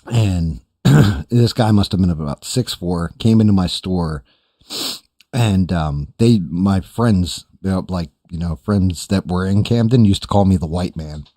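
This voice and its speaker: A man's voice: low voice, a little slow, mellow, dry recording, studio quality. A man hosting a podcast, telling a long profane story in a loose, rambling way with quoted voices. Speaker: podcast host. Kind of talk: casual storytelling chat.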